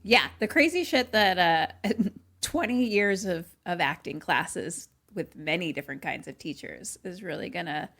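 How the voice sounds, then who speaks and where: A young woman co-hosts a podcast in relaxed banter, laughing often. Her voice sits a little low for a woman. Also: measured pace. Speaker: podcast co-host. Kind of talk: casual chat.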